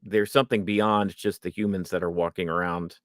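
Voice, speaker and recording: A man's voice: deep voice, fairly even intonation, a little fast, dry recording, studio quality. A man hosting a podcast, chatting emphatically and addressing listeners. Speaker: podcast host. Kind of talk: casual fan discussion.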